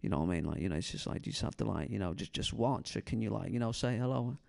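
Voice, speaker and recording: Young male stand-up, twenties, slacker drawl with a gravelly fry, rambles and stalls while working the crowd on a handheld mic. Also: on the low side, lively intonation, rapid-fire, darkish tone. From San Francisco Bay Area. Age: 20s. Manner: laid-back stoner drawl, trails off, says man constantly. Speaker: stand-up comedian doing crowd work.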